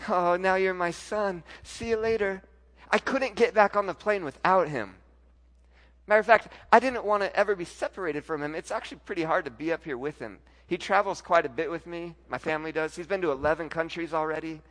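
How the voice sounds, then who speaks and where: High-voiced pastor preaching with swings. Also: male voice, fast talker. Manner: storytelling, swings from soft and intimate to loud and emphatic. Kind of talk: sermon.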